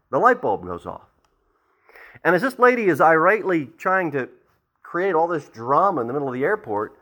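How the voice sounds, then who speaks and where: A middle-aged man preaching a verse-by-verse sermon as pastor, animated and acting out the people in his stories. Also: a little high.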